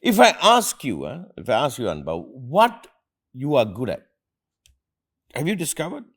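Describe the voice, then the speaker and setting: Man, middle-aged, motivational host, earnest, emphatic, very lively pitch. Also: moderate pace, husky. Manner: emphatic, earnest, repeats phrases for stress. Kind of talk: motivational talk with family.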